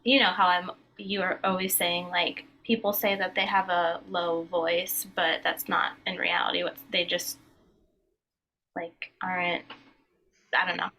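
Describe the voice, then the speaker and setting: A woman's voice: on the low side, level tone, a little slow, pushed and bright, rough recording. Rambling woman singing student, faint noise. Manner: rambling, hesitant, many fillers. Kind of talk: asking questions in a lesson.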